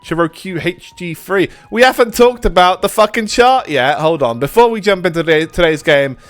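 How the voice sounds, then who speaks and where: A man hosting a live game stream in casual, rambling chat, his voice hoarse and stuffy from a cold. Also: sits high, animated, normal speed, no room sound, faint music behind. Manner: rambling, with restarts, swearing and laughs. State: stuffy nose after a cold.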